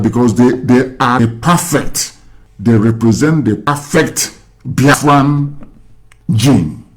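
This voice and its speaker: A man's voice: mid-range voice, rough recording. A man from Nigeria hosting a call-in show, lecturing at length and firing rhetorical questions at the caller. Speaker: radio host. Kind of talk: casual call-in chat.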